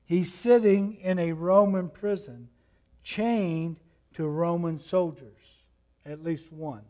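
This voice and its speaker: A man preaching a sermon as pastor, swinging from hushed near-whispers to loud emphatic passages, reading scripture slowly and deliberately. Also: on the high side, steady tone.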